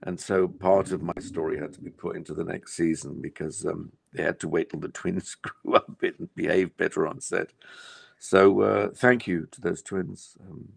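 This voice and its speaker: A man's voice: deep voice, steady tone, normal speed, creaky, slightly rough, dry recording, clean studio sound. An older English man, an actor being interviewed, talking in a reflective, rambling way with many fillers. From England. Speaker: actor guest. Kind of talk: casual interview chat.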